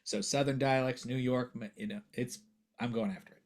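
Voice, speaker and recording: A man, a voiceover actor and coach, talking earnestly in a casual interview and growing animated as he makes his points. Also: medium pitch, fairly quick. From United States.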